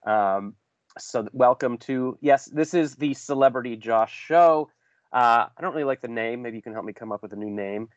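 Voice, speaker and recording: A man's voice: mid-range voice, normal speed, no room sound, muffled recording. A man hosting a casual interview over a video call, rambling and joking at his own expense. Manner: rambling, self-deprecating, jokey. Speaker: podcast host.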